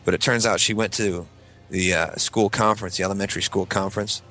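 A man in his thirties with a Midwestern American accent, co-hosting a casual podcast and telling animated stories full of swearing and shrill falsetto impressions. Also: a little fast, faint music behind. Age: 30s. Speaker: podcast co-host. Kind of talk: casual storytelling chat.

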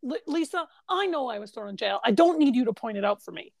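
Brief: woman doing a brash, indignant Brooklyn man, high and a little gravelly, dry close sound. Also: expressive, quick pace, a little mellow, dry recording. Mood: annoyed. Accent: Brooklyn put-on. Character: brash Brooklyn man defending himself, exasperated.

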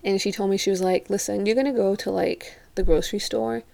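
A woman's voice: mid-range voice, steady tone, fairly quick, creaky, darkish tone. A young woman from Europe telling a casual story to the camera, chatty and leaning on "like" constantly, acting out what others said. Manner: chatty, says "like" constantly, acts out quotes. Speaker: vlogger.

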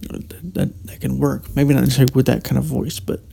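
Male podcast host, deep fry in the voice, soft warm tone, musing solo talk full of restarts. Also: fairly even intonation, fast. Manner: meandering, many restarts and hesitations. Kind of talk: reflective solo monologue.

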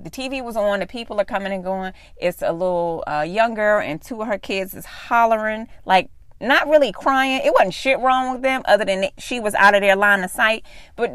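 A woman's voice: mid-range voice, fairly bright tone, dry recording, clean studio sound. A woman podcast host telling a rambling personal story in casual, profane speech with lots of asides.

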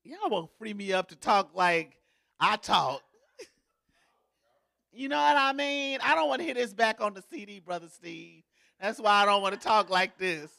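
A woman's voice: medium pitch, expressive, normal speed, creaky, sharp tone. A woman pastor giving a sermon in a folksy, joking, conversational way, as if in a church.

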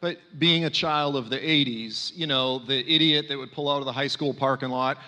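A man in his forties giving a conversational sermon, animated and full of fillers. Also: mid-range voice, normal speed. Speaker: speaker at a church. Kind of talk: sermon talk. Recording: long hall reverb.

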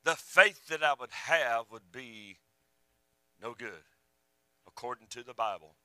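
A man preaching a sermon, fervent one moment and hushed the next, with a drawl. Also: mid-range voice, animated, measured pace, no room sound, low-quality recording. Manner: fervent, rising and falling, drops to a hush.

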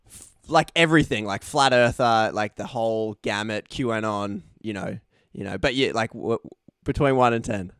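A man's voice: lowish voice, moderate pace, a bit bright, smooth, no echo, studio quality. A man hosting a casual podcast interview, chatty and teasing his guest. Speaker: podcast host.

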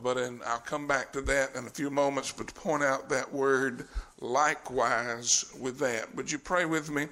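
A man's voice: medium pitch, fairly even intonation, measured pace, sharp tone. A man preaching a sermon at a deacon ordination, folksy and colloquial.

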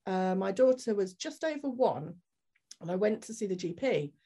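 A woman's voice: medium pitch, normal speed, breathy edge. A woman guest on a podcast, telling a personal story candidly and acting out the people in it. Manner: animated, acts out the people in her story.

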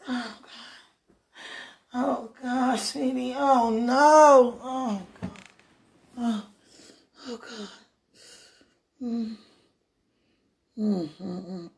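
A woman lying in bed, praying aloud in a moaning, pleading way, drifting between hushed whispers and loud protests. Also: on the high side, extremely slow, creaky, pauses often. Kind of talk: emotional spoken prayer monologue.

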